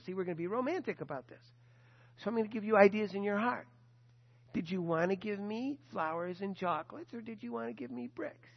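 A man delivers a sermon in a fairly high voice, telling stories with lively animation and briefly voicing the people he quotes. The sound is a little dull and muffled, and a long echo trails behind him as if he is preaching in a large church hall. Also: a little fast, creaky. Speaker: pastor.

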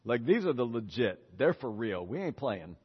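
Animated preacher in an echoey hall. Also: male voice, mid-range voice, normal speed, breathy edge, lo-fi sound. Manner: animated storytelling, voicing biblical characters in casual speech. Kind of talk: lively sermon with acted-out dialogue.

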